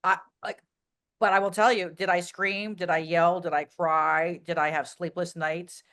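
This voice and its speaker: A woman guest in a casual interview, talking bluntly and telling animated stories with plenty of fillers. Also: fairly low pitch, normal speed, clean tone.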